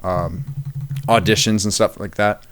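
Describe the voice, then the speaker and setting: A man voice actor explaining things in a measured, thoughtful way during a casual interview. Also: on the low side, steady tone, fairly bright tone. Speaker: voice actor guest.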